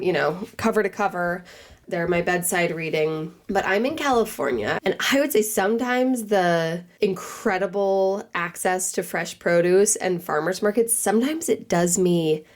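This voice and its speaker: A woman's voice: mid-range voice, moderate pace. A woman in her thirties, a cookbook author, chatting in a podcast interview with many asides and quoted thoughts. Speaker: cookbook author and newsletter writer.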